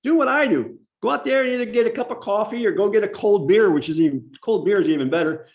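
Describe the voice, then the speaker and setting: Male workshop presenter, slightly high voice, demonstrative teaching delivery, video-call sound. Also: lively intonation. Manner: demonstrative, slows down to stress key words. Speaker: public speaking workshop presenter. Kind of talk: instructive online workshop talk.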